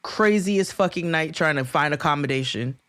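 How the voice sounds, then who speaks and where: A man co-hosting a podcast, telling a long story in casual chat, acting out quotes in high voices and laughing often. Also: moderate pace, a bit bright, smooth, no echo, clean studio sound. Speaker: podcast co-host.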